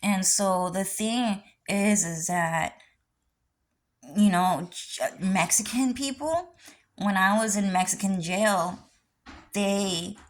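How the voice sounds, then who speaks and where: A woman's voice: medium pitch, poor audio. A young adult woman rambling through a personal vlog monologue, lecturing insistently and repeating herself again and again. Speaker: vlogger.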